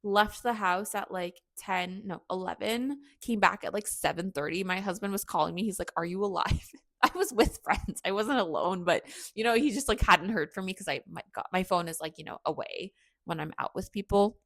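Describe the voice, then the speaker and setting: A woman's voice: medium pitch, normal speed, a bit bright, dry recording, clean studio sound. A young woman hosting a podcast, telling a personal story in a candid, chatty way, full of "like" and self-mocking asides. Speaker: podcast host.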